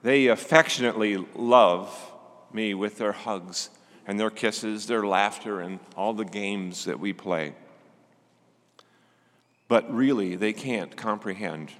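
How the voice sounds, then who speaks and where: An older man delivering a gentle, reflective Sunday sermon as a preacher. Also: on the low side, slow pace, long reverb tail.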